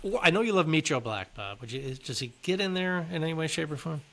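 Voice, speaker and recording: Bright-toned male podcast co-host. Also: on the high side, lively intonation, fast. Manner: conversational, poses questions to his co-host. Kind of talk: casual chat.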